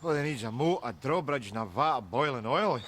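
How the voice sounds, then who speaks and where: A man's voice: mid-range voice, expressive, moderate pace, fairly bright tone, a little hiss or hum, natural voice. An actor with a Glaswegian accent playing a sarcastic, mocking Glasgow man in a sitcom. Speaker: lodger in a politician's home. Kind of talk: sitcom acting.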